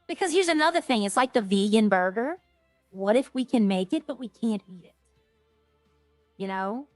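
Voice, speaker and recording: A woman with a high-pitched voice, recorded with no echo, streams a roleplay game and chats casually as she plays. She rambles, trails off and restarts.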